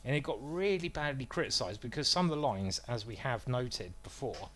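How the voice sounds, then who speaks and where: Man, live-stream chat, rambling, informal, mid-pitched voice, sweary. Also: expressive, normal speed, a bit bright. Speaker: chess streamer.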